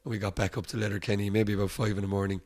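Low-voiced Irish man telling road stories. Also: rapid-fire. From Ireland. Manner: animated anecdotes, acts out quoted voices, laughs often. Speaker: musician guest. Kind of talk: casual storytelling interview.

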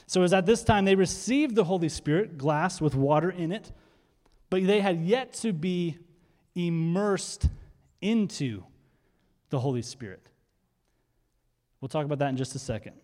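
A man preaching a sermon with high energy, speeding through quick asides and then slowing to stress key words. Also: expressive, darkish tone. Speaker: pastor. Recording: hall reverb.

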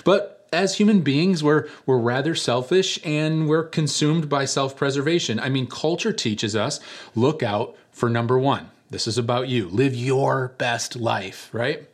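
A male pastor delivers a sermon in a relaxed, conversational way. He tells stories with a light touch and now and then acts out the people in them. His voice sits at an ordinary middle pitch. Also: unhurried. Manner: conversational storytelling with animated voices for quoted characters.

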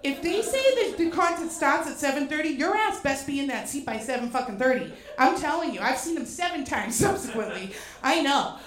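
A high-voiced woman from Boston tells a comic personal story, animated and full of profane, self-mocking asides. Her voice rings through a roomy venue with a noticeable echo. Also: fairly quick, crowd noise.

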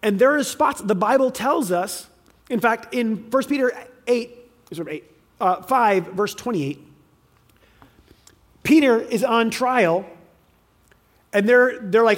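A man teaching a conversational sermon, plain and direct, who often slips into quick voices for the people in his stories. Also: very high-pitched. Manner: acts out quoted speakers in lively voices. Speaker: teacher on faith and parenting.

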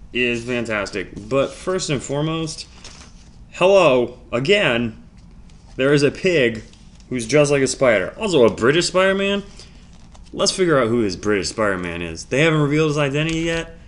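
A man hosting a solo podcast, rambling in a jokey, self-deprecating way, swinging from low mumbles to loud outbursts. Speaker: podcast host.

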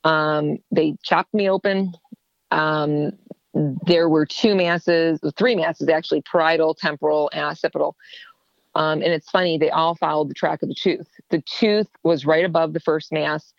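Female interview guest, lower register, animated storyteller, dry close recording. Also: measured pace, creaky, dry recording, dull audio. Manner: animated, acts out quoted dialogue.

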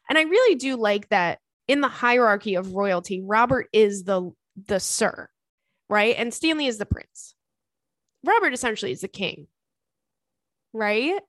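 Blunt, animated woman podcast host. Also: mid-range voice, dry recording, studio quality. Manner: blunt, animated, swears freely. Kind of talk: casual podcast chat reading a listener letter.

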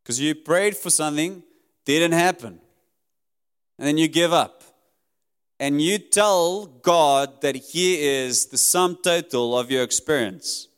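A man's voice: a little high, slow, smooth. Emphatic preacher man in a reverberant hall. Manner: earnest, emphatic preaching that rises and drops sharply. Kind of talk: sermon.

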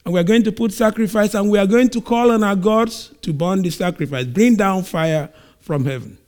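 A man's voice: high voice, normal speed, darkish tone, natural voice. A man acting out a bold male prophet confronting a king, in a commanding preacher's delivery.

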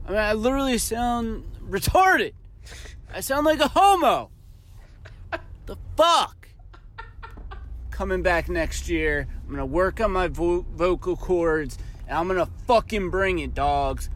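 A man with a high, very lively voice who talks slowly and brashly in a voice memo. He drawls his words, then breaks into loud barking and shouting.

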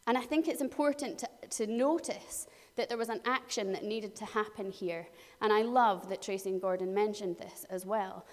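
A woman preaching a sermon, telling the story in a lively way and acting out voices. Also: medium pitch, in a large hall.

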